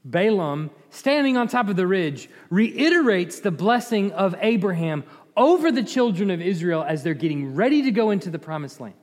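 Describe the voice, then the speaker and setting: A man's voice: high voice, very animated, moderate pace. A man giving informal Bible teaching in a conversational way, quizzing his listeners and chuckling now and then. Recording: echoey hall reverb.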